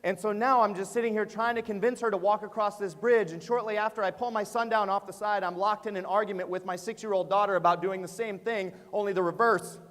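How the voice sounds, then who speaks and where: High-voiced man telling a story in a hall. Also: fast, few pauses. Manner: animated storyteller, frequent "uh" and "right?". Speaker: education speaker and author. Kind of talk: storytelling keynote to teachers. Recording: long reverb of a large hall.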